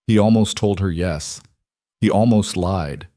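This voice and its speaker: A man narrating a scripted story in a steady, plain manner. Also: low voice, a little slow, no room sound, clean studio sound.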